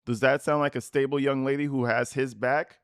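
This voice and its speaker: A man's voice: medium pitch, steady tone, a little fast, smooth, no echo, studio quality. A man hosting a commentary channel, reacting to interview clips in a mocking, profane way. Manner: mocking, profane, reads text messages in put-on voices.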